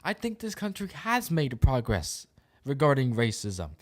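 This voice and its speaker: Animated, sarcastic male podcast host. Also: medium pitch, measured pace. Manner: animated, sarcastic, laughs often. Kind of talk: casual opinion commentary.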